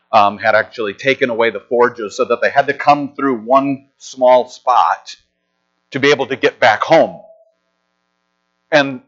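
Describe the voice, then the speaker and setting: A middle-aged man delivers a sermon in an easy, conversational manner, drifting into stories and restarting his sentences. His voice sits at an ordinary pitch for a man. The recording sounds slightly muffled and lo-fi. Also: fairly bright tone. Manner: conversational, anecdotal preaching with frequent restarts. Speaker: pastor.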